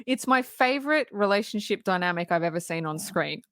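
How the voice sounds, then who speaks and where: A woman's voice: medium pitch, brisk, no echo. Woman podcast cohost gushing over a film, dry close sound. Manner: animated retelling with quoted lines. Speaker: podcast co-host. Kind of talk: casual movie review chat.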